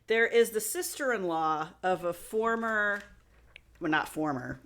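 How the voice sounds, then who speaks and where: A woman's voice: mid-range voice, unhurried. A woman co-hosting a podcast, telling a crime story in casual chat and acting out the people in it. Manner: animated, acts out quoted people in put-on voices. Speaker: podcast co-host.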